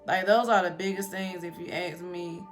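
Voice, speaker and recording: A woman's voice: on the low side, fairly even intonation, normal speed, soft background music. A woman giving a casual motivational talk to her viewers, chatty and storytelling, calling them "y'all". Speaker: spiritual vlogger. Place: home in Colorado.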